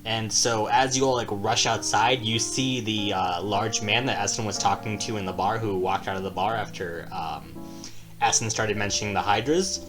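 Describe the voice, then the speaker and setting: A man's voice: on the low side, steady tone, normal speed, over music. A man co-hosting a tabletop game podcast, telling stories in loose casual chat, laughing often and swearing freely. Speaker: podcast co-host and game master.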